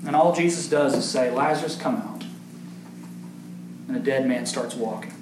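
A pastor with a medium-pitched voice delivers a fairly quick sermon to his congregation. He punctuates it with emphatic rises and questions to the listeners, and the recording captures the echo of the church sanctuary along with faint background noise.

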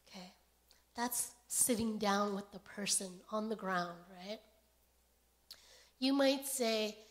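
A woman preaching a sermon in a gentle, unhurried way, often pausing to check in with "okay?". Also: medium pitch, fairly even intonation. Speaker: pastor.

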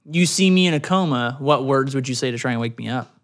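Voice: medium pitch, fast. A podcast co-host chatting casually, teasing the other host and laughing often. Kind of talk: casual chat.

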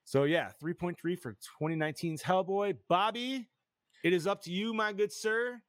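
A man hosting a casual movie-review podcast, excitable, swearing often and saying dude a lot. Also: high voice, normal speed, no echo, clean studio sound. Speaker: podcast host.

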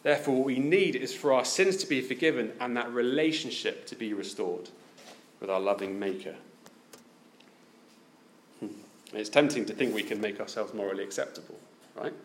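A man's voice: medium pitch, normal speed, long pauses, a little hiss or hum. A man preaching a sermon, asking his listeners many direct questions.

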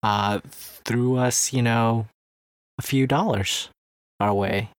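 A man co-hosting a podcast, pitching its membership in a hesitant, chuckling, casual way. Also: fairly even intonation, takes it slowly, clear, resonant tone, no echo. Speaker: podcast co-host. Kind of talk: casual chat.

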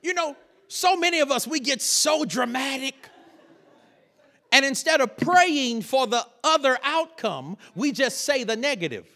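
A man preaching a lively sermon, telling a story with laughter and sudden shouted bursts. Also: very high voice, unhurried. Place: church sanctuary.

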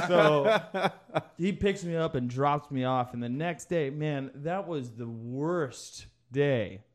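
Animated young man telling a story. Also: a little high, a little slow. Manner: animated, laughing storyteller who acts out other people. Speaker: podcast guest storyteller. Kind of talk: casual podcast chat.

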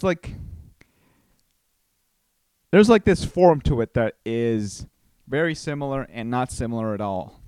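A man from Costa Rica hosts a casual solo podcast at an ordinary mid pitch. He rambles through stories, restarting and repeating himself as he talks. The sound is dry and close, with no room echo. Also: smooth. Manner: chatty, rambling storyteller with many restarts. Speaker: podcast host.

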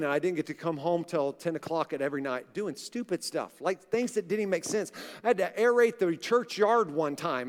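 A man in his forties, a pastor preaching a sermon in a large church and telling personal stories in a conversational way, sometimes acting out the voices of people he quotes. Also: sits high. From Oklahoma. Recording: live church sound with long hall reverb.

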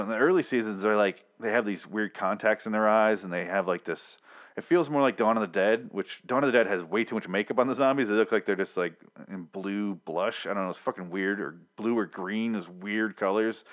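A man with a somewhat low voice runs through an episode recap in an off-the-cuff, rambling way. He is loose and sarcastic, peppering his talk with profanity and side comments. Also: fairly bright tone. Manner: sarcastic, heavy swearing, rambling asides. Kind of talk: casual profane rant.

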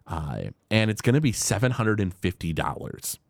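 A man chatting casually on a podcast, retelling a cartoon episode with lots of fillers and quick quoted bits. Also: on the low side, very animated, gravelly, no room sound, clean studio sound. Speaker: podcast host.

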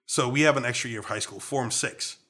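Man, Trinidadian accent, young adult, animated playful storyteller, casual podcast chat. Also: medium pitch, a little fast. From Trinidad and Tobago. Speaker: podcast co-host.

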